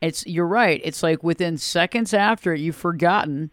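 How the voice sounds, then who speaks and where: A man's voice: fairly high pitch, normal speed, fairly bright tone, clean tone, no room sound, studio quality. A man hosting a casual conversation, laughing easily and repeating words. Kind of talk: casual chat.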